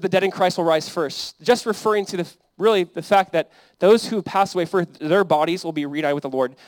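A male pastor delivers a sermon in a quick, slightly high voice, moving between eager bursts and quieter reflective stretches. His delivery is earnest and conversational, full of asides and repeated lines. The sound is close and dry, with no room echo.

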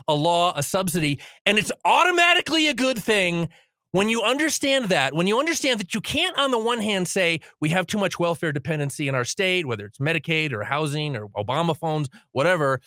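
A man's voice: sits high, pushed and bright, no echo. A man in his late forties, a radio talk show host giving a heated, sarcastic political commentary in a studio. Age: 40s. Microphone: studio microphone.

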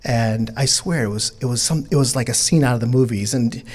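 Middle-aged man, non-native English speaker, casual storyteller, acts out dialogue, medium pitch. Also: brisk. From born in Bangladesh, raised in New York City. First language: not English. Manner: animated, acts out dialogue, many restarts. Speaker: artist telling a personal story.

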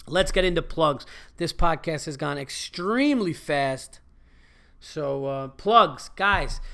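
A man hosting his podcast, a stand-up comedian talking in a casual, animated and profane monologue that rambles. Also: fairly high pitch.

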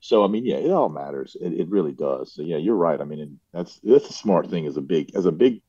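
A man hosting a casual chat, relaxed and agreeable, talking about how size matters in grappling. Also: low voice, a little fast, slightly rough, no room sound. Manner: relaxed, agreeable, frequent back-channel replies. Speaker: podcast host. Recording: dull dry lo-fi mic.

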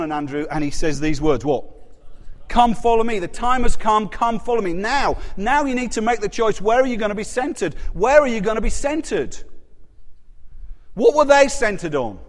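Casting: male preacher, bright high voice, chatty sermon that quizzes the room, long hall echo. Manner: conversational, asks the congregation questions.

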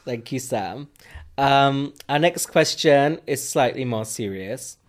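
A man's voice: mid-range voice, expressive, slow pace. A man co-hosting a podcast in casual chat, laughing often and reading listener questions aloud. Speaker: podcast co-host.

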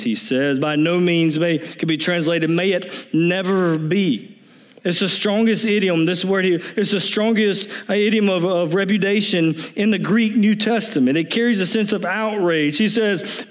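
A man's voice: sits high, moderate pace. A pastor preaching a sermon, explaining scripture verse by verse and driving his points home with emphatic repetition. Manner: emphatic, building to animated repetition.

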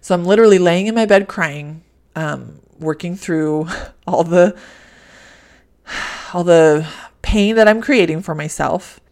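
A woman's voice: lowish voice, takes it slowly, pauses often, a little mellow. A woman life coach hosting a podcast, talking candidly and reflectively about her feelings, often repeating soothing phrases.

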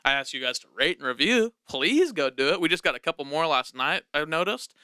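A man's voice: on the high side, expressive, brisk, pushed and bright, clean tone, dry recording. A man hosting a casual podcast in a studio, upbeat and jokey, laughing often. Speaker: podcast host.

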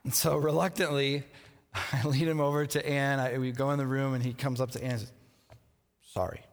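A pastor in his thirties tells a family story to open a sermon, chatty and easygoing, chuckling along as he goes. His mid-pitched voice rings out with a long reverb, as if recorded in a big church sanctuary. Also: flat delivery, fairly quick. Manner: chatty storyteller who laughs at his own anecdote. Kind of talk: conversational sermon with a personal story. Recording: long reverb from a large hall.

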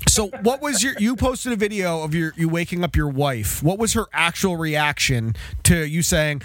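A man's voice: fairly high pitch, expressive, moderate pace, a bit bright, no echo. A man hosting a podcast in casual chat, swearing and teasing his guest. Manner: profane, teasing. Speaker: podcast host.

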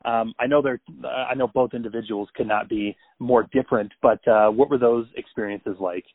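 A man's voice: medium pitch, fairly even intonation, normal speed, no echo. A man hosting a phone interview, polite and groping for words with many ums and uhs. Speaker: interviewer, host. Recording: tinny dry phone line.

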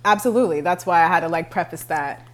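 Woman co-host, low-pitched, relaxed and giggly, trails off softly. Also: quick pace. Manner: laid-back, laughing, trailing off quietly. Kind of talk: casual chat.

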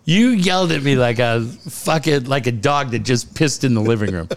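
A man's voice: medium pitch, normal speed. A man co-hosting a casual podcast, telling stories with lots of laughter and swearing. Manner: animated storytelling, laughs often, swears freely. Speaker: co-host.

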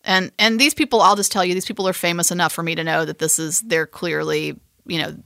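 A woman co-hosting a podcast, telling a story in an animated, emphatic way. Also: lowish voice, fast talker, vocal fry, dry recording. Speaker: podcast co-host. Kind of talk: casual chat.

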